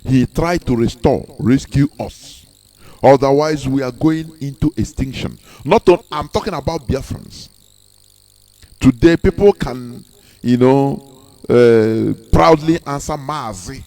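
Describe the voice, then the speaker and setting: A man's voice: medium pitch, unhurried, gravelly, dark tone. A man giving an impassioned speech, emphatic, repeating words and asking rhetorical questions. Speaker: speaker on a live broadcast.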